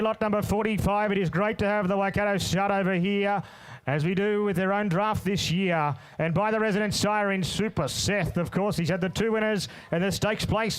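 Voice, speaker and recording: A man runs a horse auction in a quick rolling chant. His voice sits high and sounds smooth and crisp. He calls out bidders by name and dares them to go higher. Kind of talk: rapid bloodstock auction chant. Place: sale ring.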